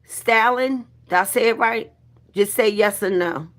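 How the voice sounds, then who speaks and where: Slow-talking woman livestreaming. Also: a little high. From New Jersey. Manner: chatty, playful, greeting viewers by name. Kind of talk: casual live-stream chat.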